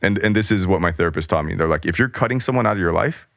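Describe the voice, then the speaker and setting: Very low-voiced man telling a rambling story. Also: expressive, rapid-fire, creaky, no room sound, studio quality. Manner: rambling, self-interrupting, acts out quoted voices. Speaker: guest, artist. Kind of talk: candid storytelling in a podcast interview.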